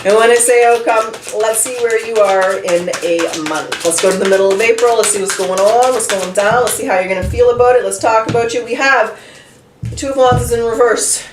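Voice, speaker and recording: Speaking fairly quickly in a slightly high voice, a woman reads tarot in a candid, talkative style, musing aloud with every card she pulls. She sounds far from the mic in a roomy space with faint noise.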